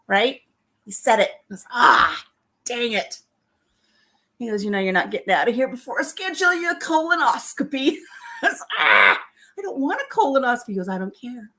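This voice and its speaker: A middle-aged woman vlogging from her home kitchen, telling self-deprecating stories to her viewers and laughing often. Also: mid-range voice. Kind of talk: chatty storytelling to live viewers.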